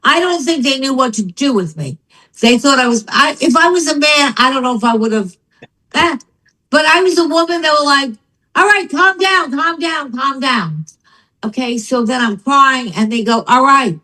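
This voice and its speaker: This older guest speaks at normal speed in a high voice, recounting her story during a casual chat. Despite the rough recording, her telling is lively, with the people she quotes acted out.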